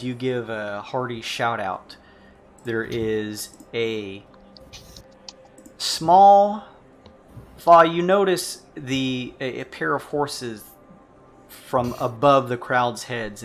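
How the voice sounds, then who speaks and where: A man's voice: mid-range voice, a bit bright, slight background noise. A man narrating a tabletop role-playing game as game master, describing scenes with frequent restarts.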